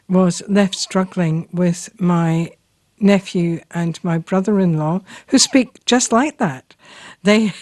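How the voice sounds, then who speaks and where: Slow-talking Scottish woman host. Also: medium pitch, darkish tone, dry recording. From Scotland. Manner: unhurried, hesitant with frequent ums. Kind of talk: casual storytelling and reading aloud.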